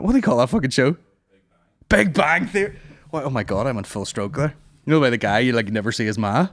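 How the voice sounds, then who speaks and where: A man's voice: medium pitch, no room sound. A young man hosting a comedy podcast, rambling and swearing in a casual monologue. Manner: rambling, profane, puts on silly voices.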